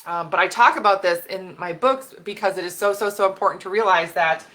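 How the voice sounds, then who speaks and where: A woman health expert giving an animated talk on camera, getting fired up and laughing as she explains while sketching on a board. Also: medium pitch, brisk. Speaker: women's health and hormone expert. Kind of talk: educational video talk.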